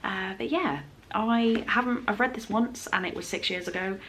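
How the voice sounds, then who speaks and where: A woman's voice: medium pitch, normal speed, fairly bright tone, slight background noise. Chatty woman book vlogger. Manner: chatty, rambling, with fillers and self-corrections. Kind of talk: casual vlog chat. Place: home, indoors.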